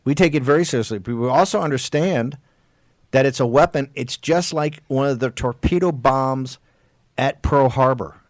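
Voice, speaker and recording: A man hosting a political talk radio show, exhorting his listeners with emphatic, drawn-out stressed words and frequent restarts. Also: mid-range voice, no echo, studio quality.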